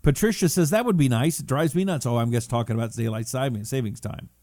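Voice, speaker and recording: A man's voice: mid-range voice, fast talker, dark tone, no echo, clean studio sound. A middle-aged man hosting a casual talk stream, reading viewer comments aloud and riffing on them in a chatty, rambling way. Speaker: talk show host.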